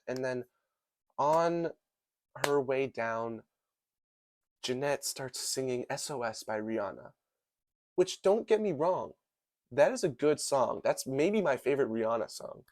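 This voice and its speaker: A man's voice: mid-range voice, expressive, measured pace, long pauses, darkish tone, no echo, studio quality. A young man giving casual, comedic movie commentary, rambling and hyperbolic, full of "like" and "dude". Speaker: movie reviewer.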